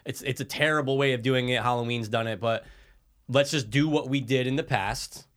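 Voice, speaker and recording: A man's voice: medium pitch, moderate pace, fairly bright tone. Laid-back, meandering man co-host. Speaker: podcast co-host. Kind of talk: casual movie discussion.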